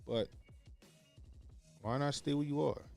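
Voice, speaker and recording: A man with a slightly raised pitch and a gravelly edge, talking bluntly in casual commentary. He swears freely and drives his points home by saying them twice. Faint music runs underneath. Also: unhurried, darkish tone. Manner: blunt, profane, repeats points for emphasis. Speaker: podcast co-host.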